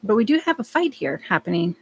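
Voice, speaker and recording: A woman's voice: mid-range voice, very animated, fast talker, a little hiss or hum. A woman giving a live tarot reading in a casual, blunt way, swearing often and talking back to the cards. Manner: blunt, profane, talks to the cards and to herself. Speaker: tarot card reader.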